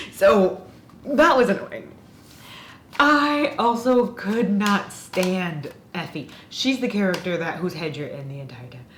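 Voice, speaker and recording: Slow-talking sarcastic woman in a roomy space. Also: lowish voice, lively intonation. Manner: sarcastic, exasperated ranting. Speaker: book reviewer. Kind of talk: casual ranting book review. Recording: roomy echo with faint noise.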